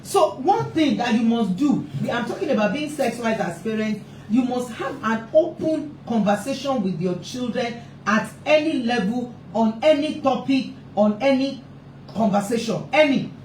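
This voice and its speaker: A woman's voice: on the high side, lively intonation, moderate pace, darkish tone, slight background noise. Emphatic woman, roomy distant sound. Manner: emphatic, repeats points for stress. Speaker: family therapist and parenting speaker. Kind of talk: impassioned live parenting talk. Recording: roomy echo, distant mic, faint ambience.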